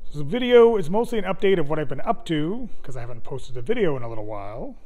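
A man giving a relaxed, chatty vlog update on his projects. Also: a little high, fast talker. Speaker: vlogger. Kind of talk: casual vlog narration.

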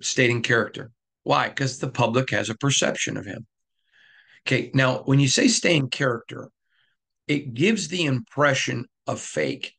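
Gravelly, emphatic sports podcast man. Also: medium pitch, normal speed, a bit bright. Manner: emphatic, repeats lines for effect. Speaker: podcast host. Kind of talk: opinionated sports podcast monologue.

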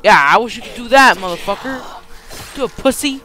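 Excitable, foul-mouthed gamer guy. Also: extremely high pitch, a little fast, faint music behind. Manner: profane, excitable, mixes in Spanish slang. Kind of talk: gameplay commentary. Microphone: cheap headset mic.

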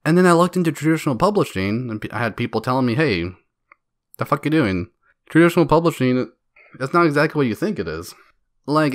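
A man's voice: mid-range voice, no echo, clean studio sound. A man hosting a solo podcast, ranting in a profane, mocking way and laughing between jabs. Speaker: podcast host.

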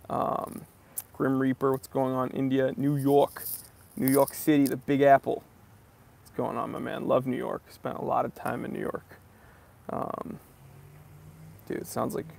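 A man's voice: medium pitch, level tone, unhurried, gravelly, pauses often, darkish tone. A man from New England hosting a live stream outdoors outside a library, greeting viewers by name in an upbeat, casual way.

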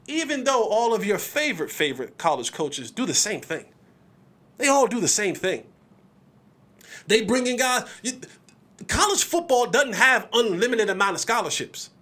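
A man's voice: sits high, pushed and bright. A man. He talks emphatically and with energy, stumbles over repeated words as he pushes a point, and quotes other people in his own voice. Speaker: podcast host. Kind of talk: animated sports commentary.

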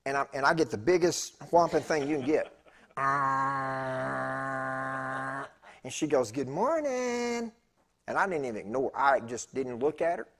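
A man preaching in church, telling a personal story in a chatty, animated way with laughing asides to the congregation. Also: mid-range voice, fast talker, few pauses, slightly rough. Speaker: pastor. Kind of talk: storytelling sermon. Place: church sanctuary.

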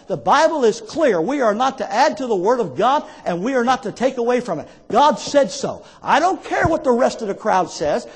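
A man preaches a fervent sermon in a strikingly high voice. His exhortations climb into pleading calls to his listeners. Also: sing-song, a little fast, hardly any pauses, breathy edge. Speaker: pastor.

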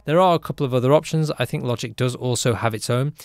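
A man who produces music gives a casual, upbeat tutorial in a chatty way, often tagging lines with a quick question. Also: medium pitch, no echo.

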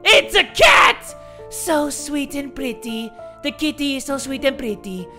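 A wide-eyed little girl from a creepy game, played by a man pitching his voice up. She sounds breathless and small, with swooping, lively melody. Music plays behind her. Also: a little slow, exaggerated voice. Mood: delighted. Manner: breathless and high.

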